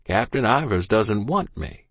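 A kindly, regretful doctor, read by a man, speaks gently in a low, firm voice. The recording is dry and close. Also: lively intonation, a little slow, no echo.

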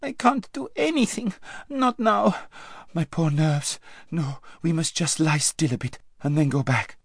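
A man voicing a timid, whiny young noblewoman in a breathy, squeaky voice while reading an audiobook. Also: unhurried, dry recording, heavily acted. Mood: frightened whining. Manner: whimpering and pleading. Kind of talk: audiobook narration. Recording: dry close studio sound.

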